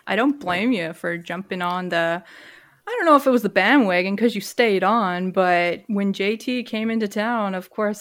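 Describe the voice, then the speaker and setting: A woman hosting a casual sports podcast, bubbly and giggly, sometimes tripping over her words. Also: medium pitch. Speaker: podcast host.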